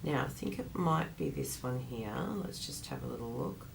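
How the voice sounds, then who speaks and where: Chatty woman host, low groggy morning voice, rambling livestream talk. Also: moderate pace, vocal fry, a little hiss or hum. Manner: chatty and rambling, laughs often. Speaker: craft class host. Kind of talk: casual livestream chat.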